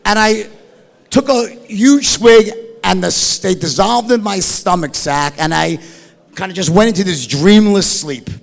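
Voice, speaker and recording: A middle-aged man telling a wild story in an animated, profane, rambling way, tossing in "right?" and "like" all the time. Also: high-pitched, measured pace, gravelly. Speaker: storyteller guest. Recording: long hall reverb.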